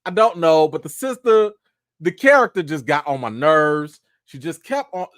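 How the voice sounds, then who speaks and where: A man of Haitian background hosting a casual livestream review, talking to viewers in a playful, animated way. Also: on the high side, moderate pace, no room sound, studio quality. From Haitian family. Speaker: host.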